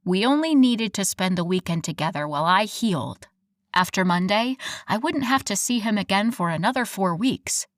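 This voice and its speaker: A woman narrating a first-person romance audiobook in an expressive, wry storytelling manner. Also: mid-range voice, normal speed, no room sound, clean studio sound.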